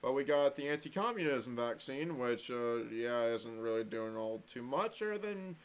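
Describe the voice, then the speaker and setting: A man's voice: mid-range voice, animated, normal speed, clear, resonant tone. A man vlogging in a casual, rambling monologue, sardonic and full of swearing.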